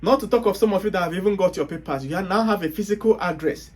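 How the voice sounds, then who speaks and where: His voice sits high and moves quickly as this Nigerian host, speaking with a Nigerian accent, delivers a motivational monologue. The manner is emphatic and hectoring, with rhetorical questions used to hammer points home.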